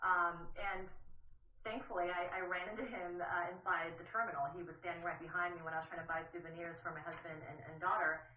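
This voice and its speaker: A woman news correspondent recounting events in a shaken, halting voice full of restarts. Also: on the low side, fairly even intonation. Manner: emotional, halting, with many restarts. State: shaken, voice trembling. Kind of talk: broadcast news interview. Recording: distant echoey phone-like rebroadcast.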